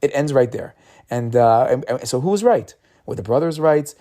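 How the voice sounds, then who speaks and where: A man's voice: medium pitch, expressive, moderate pace, dark tone. A man giving a casual, conversational Torah talk, often restarting and repeating words as he retells the story. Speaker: Torah teacher.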